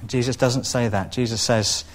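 Man, preacher, expressive sermon, mid-pitched voice. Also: moderate pace. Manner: expressive, acts out quoted voices.

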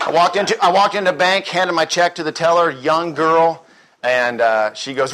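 A man's voice: fairly high pitch, normal speed, a bit bright. Man telling stories in a folksy sermon. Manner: storytelling, mimics voices, rhetorical questions. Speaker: church speaker. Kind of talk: conversational sermon with acted-out stories.

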